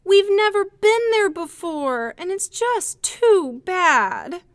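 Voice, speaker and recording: A woman reading a storybook, voicing a sad little boy near tears in a high childlike voice. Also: expressive, slow, dry recording, clean studio sound, heavily acted. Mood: doleful.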